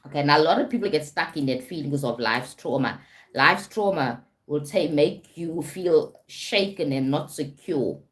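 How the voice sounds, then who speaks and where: Very low-voiced South African woman. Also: moderate pace. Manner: repeats "right?" and "okay?" often, greets viewers. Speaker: life coach. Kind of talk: live-stream talk.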